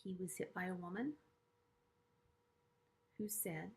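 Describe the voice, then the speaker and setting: A middle-aged woman speaking straight to camera about her own life, in a voice of ordinary middle pitch. She talks earnestly and haltingly, often stopping to restart a phrase, and lets her voice sink low and quiet at times. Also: expressive, gravelly. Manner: earnest, halting, with frequent restarts and hushed asides. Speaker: vlogger sharing a personal story. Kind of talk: personal storytelling to camera.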